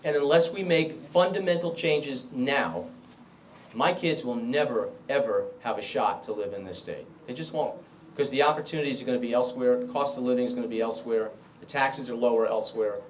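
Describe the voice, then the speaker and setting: A man's voice: mid-range voice, brisk, slight background noise. A middle-aged man giving an emphatic rally speech and answering questions as a political candidate. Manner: emphatic, repetitive stump-speech delivery. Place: club meeting room.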